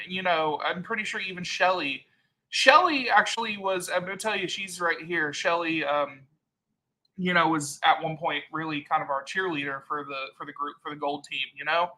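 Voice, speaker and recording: A man's voice: on the high side, normal speed, pushed and bright, rough recording. A man hosting a casual live-stream chat, telling a heated story and acting out the people he quotes. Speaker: channel host.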